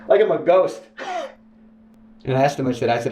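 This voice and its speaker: Halting man with an echoey sound. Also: lively intonation, darkish tone. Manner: halting, many restarts, mimics others in higher voice. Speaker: interview guest. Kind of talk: emotional personal account. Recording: echoey room with faint hiss.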